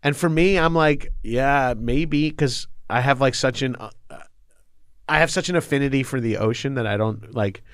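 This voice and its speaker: A man's voice: medium pitch, moderate pace, dry recording, clean studio sound. A man from Long Island, telling a story as a podcast guest in loose, rambling chat. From Long Island, New York. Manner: loose, rambling, swears and laughs often.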